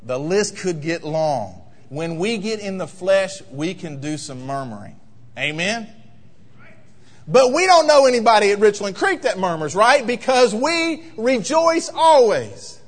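Animated preacher in an echoing church. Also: male voice, sits high, a little slow. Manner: animated preaching with rhetorical questions. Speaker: pastor. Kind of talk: sermon. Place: church sanctuary.

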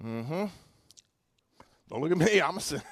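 A man preaching a sermon as pastor, emphatic, slowing to stress scripture and putting questions to the congregation. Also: a little high, animated, fairly bright tone, dry recording, studio quality.

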